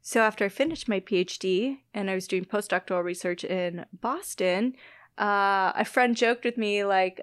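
A woman's voice: medium pitch, moderate pace, dry recording, clean studio sound. A woman in her thirties from the US Midwest, chatting in an interview with frequent laughs and self-deprecating asides. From Illinois-Wisconsin border, US Midwest. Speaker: guest biologist. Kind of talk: casual interview chat.

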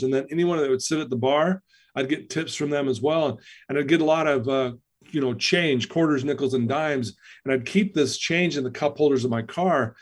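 A man as a podcast guest, telling a personal story in an earnest, emotional way. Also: a little high. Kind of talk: storytelling in an interview.

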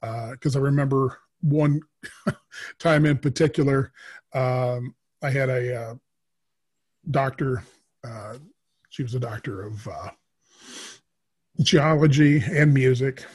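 Husky middle-aged man telling stories. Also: medium pitch, darkish tone. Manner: rambling, many filler pauses. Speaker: podcast guest, psychic. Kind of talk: casual storytelling interview.

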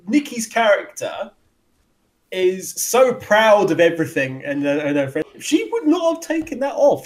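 Man, podcast co-host, rambly, a touch high. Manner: rambling, frequent restarts and laughs. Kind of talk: casual chat reviewing wrestling.

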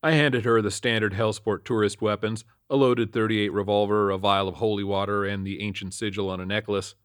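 Deadpan low-voiced male narrator. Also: a little fast, no room sound, studio quality. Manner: deadpan, matter-of-fact. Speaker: storyteller. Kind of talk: scripted first-person horror narration.

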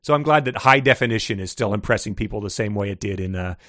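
A man's voice: lowish voice, fast talker, a bit bright, no echo, studio quality. Amused man chatting dryly. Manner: laughs often, amused, trails off in restarts. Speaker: podcast co-host. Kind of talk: casual book-discussion chat.

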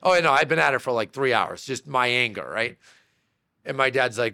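At a normal speed, with lively intonation, a medium pitch, vocal fry, and a pushed, bright sound, a man from Massachusetts shares rambling childhood stories on a podcast. He owns a real estate brokerage, and his casual talk is full of fillers and false starts.

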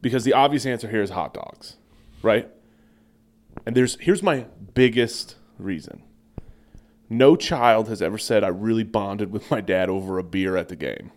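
A man's voice: fairly low pitch, moderate pace, a little mellow. A young man co-hosting a comedy podcast, insistently arguing his point in casual banter. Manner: earnest, insistent debating. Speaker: podcast co-host.

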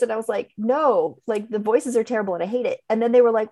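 A middle-aged woman co-hosting a podcast chats casually, telling animated stories and laughing often. Her medium-pitched voice moves quickly with few pauses.

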